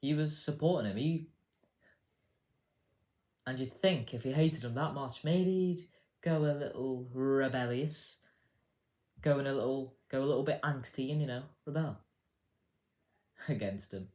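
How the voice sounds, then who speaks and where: A man's voice: mid-range voice, a little slow, long pauses, darkish tone. A man hosting a casual news commentary show, rambling and swearing with a sarcastic edge. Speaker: host.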